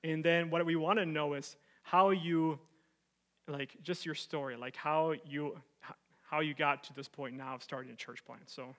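A man's voice: a little high, fairly even intonation, normal speed, fairly bright tone. A man hosting a church event, introducing his guest in a friendly, slightly hesitant way. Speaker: event host.

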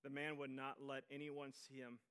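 A male pastor preaching a sermon, telling stories and acting out quoted voices, swinging from loud bursts to hushed near-whispers. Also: mid-range voice, completely flat delivery, normal speed, clean tone.

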